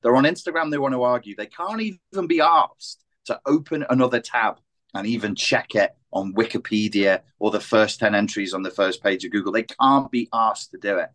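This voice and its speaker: A man hosting a podcast talks in an exasperated rant, swearing freely. His pitch leaps up sharply and drops again as he hammers his points home. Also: moderate pace, fairly bright tone. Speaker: podcast host. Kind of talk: heated podcast discussion.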